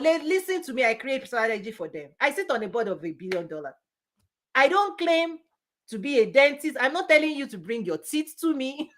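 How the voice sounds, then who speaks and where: A woman business coach giving a forceful motivational talk, repeating punchy phrases and laughing often. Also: high voice, big pitch swings, normal speed.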